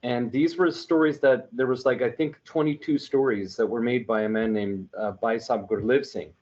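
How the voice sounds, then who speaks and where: This lo-fi clip features a man from New Mexico, United States, who tells stories for an online religious media group. His medium-pitched, slightly mellow voice keeps a fairly even intonation at a moderate pace. He chats earnestly and with animation, spinning long, winding anecdotes full of restarts in a casual storytelling style.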